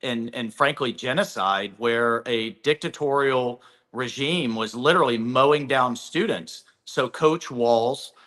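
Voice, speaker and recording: A man's voice: mid-range voice, pushed and bright. A congressman being interviewed remotely, making blunt, emphatic points. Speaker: congressman guest.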